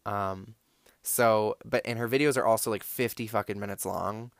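A man's voice: on the low side, steady tone, normal speed, creaky, no room sound, clean studio sound. A young man telling a casual, rambling story, full of "like" and swearing. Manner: rambling, filler-heavy, profane, lots of "like".

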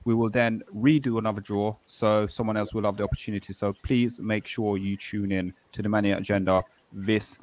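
A man hosting a casual football podcast panel over a video call, talking in an upbeat, announcer-like way and slowing down for reminders. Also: lowish voice. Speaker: podcast host. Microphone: video call mic.

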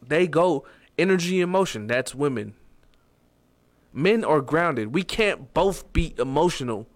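A man lecturing in a casual motivational monologue, his voice sitting a little high for a man. He talks bluntly, swears freely and pushes his pitch sharply upward to hammer points home. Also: animated, a little slow. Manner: blunt and preachy, swearing, with sudden loud emphatic rises.

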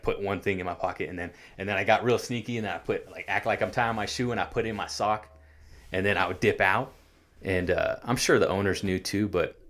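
A man with a very low, gravelly voice shares his life story as a guest in an interview. He speaks earnestly and haltingly, with frequent restarts and fillers. He grew up in California. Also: fairly bright tone.

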